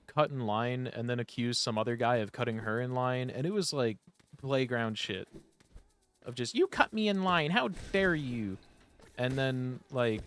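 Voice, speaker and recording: A young man streaming a game tells stories in a rambling, profane way, leaning heavily on "like." His voice is mid-range with a clean tone.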